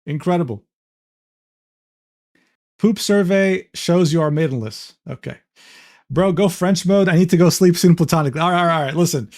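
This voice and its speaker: A man's voice: a little high, moderate pace, long pauses, darkish tone, no echo, clean studio sound. A man streaming and reading private messages aloud, talking casually, swearing freely and laughing often.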